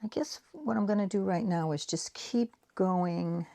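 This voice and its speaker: In her sixties and hailing from the Boston area, this art vlogger rambles casually while painting her prints, often poking fun at herself. Her voice is mid-range and unhurried, with vocal fry and a warm tone.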